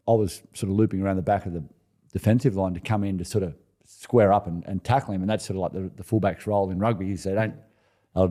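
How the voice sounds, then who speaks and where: A man in his forties with an Australian accent, a former rugby player telling stories in a relaxed podcast interview, often restarting and chuckling. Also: deep voice. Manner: laid-back, chuckling anecdotes with many restarts. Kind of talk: casual storytelling interview.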